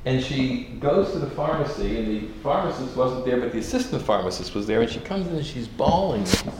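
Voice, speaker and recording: Animated rabbi in an echoey room. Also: male voice, mid-range voice, a little fast, hardly any pauses. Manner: animated storyteller, many repeated words and restarts. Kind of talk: sermon with storytelling. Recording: echoey room from far off, noisy.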